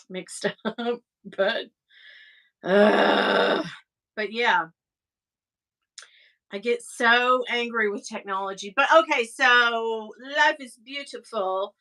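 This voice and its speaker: High, bright-voiced woman livestreaming. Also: slow, long pauses. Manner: exasperated, rambling, chatty with viewers. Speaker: livestream host. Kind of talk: casual livestream chat.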